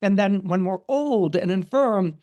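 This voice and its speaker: A young hero speaks hesitantly, tripping over his words, yet stays modest and clever, as a man retelling a myth puts him on. The voice sits slightly high for a man. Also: animated, unhurried, warm tone, lo-fi sound. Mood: unsure. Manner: hesitant, stammering. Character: young male hero, nervous but clever.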